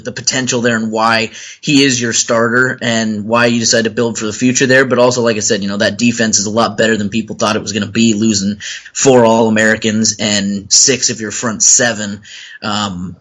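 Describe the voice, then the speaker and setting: A man in a mid-pitched voice talks through a college football team's prospects, rambling and circling back with frequent ums and self-corrections. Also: a bit bright. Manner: rambling with many fillers and restarts. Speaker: co-host, sports commentator. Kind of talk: casual sports chat.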